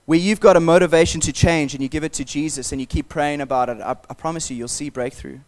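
Man, pastor preaching, earnest, encouraging, slightly raised pitch. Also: fairly even intonation, fast talker, hardly any pauses. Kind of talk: sermon.

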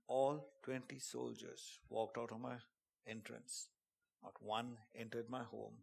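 A man preaching a sermon and telling a dramatic testimony, dropping to a hush and then rising to shouts. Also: mid-range voice, little pitch movement, measured pace, creaky, breathy edge. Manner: dramatic storytelling, swings from hushed to shouting; preaching with emphatic call-outs.

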